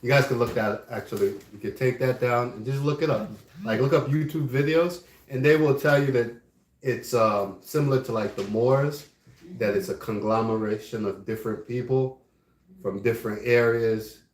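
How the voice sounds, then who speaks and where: A man's voice: medium pitch, normal speed, slight background noise. A man leading a religious study class. He keeps checking in with his listeners by asking "right?". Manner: frequently asks "right?". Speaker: class teacher. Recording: echoey room.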